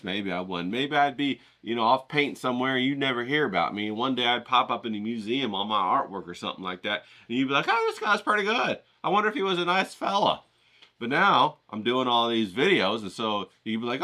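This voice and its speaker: A man's voice: mid-range voice, pushed and bright. A man hosting an art vlog, chatting casually to his viewers in an upbeat, rambling, slangy way. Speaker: art vlogger.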